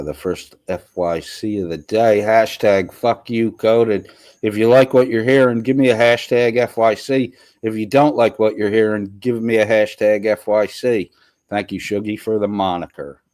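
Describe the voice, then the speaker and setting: Man, congested, sore throat, low voice, dry close sound, profane rambling stream chat. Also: unhurried, darkish tone, dry recording. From US East Coast. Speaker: livestream host. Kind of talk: casual live-stream chat reading comments.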